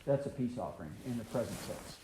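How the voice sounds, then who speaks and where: A Bible teacher from the American South teaches a Torah portion in an expressive, mid-range voice with a dark tone and quick pace. He reads verses aloud, then explains them with frequent ums and uhs, in an echoey room with faint noise.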